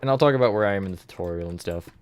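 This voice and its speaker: A man's voice: on the low side, very fast, smooth. A man chatting casually on a live stream as he builds in a game, thinking aloud and greeting viewers from the chat.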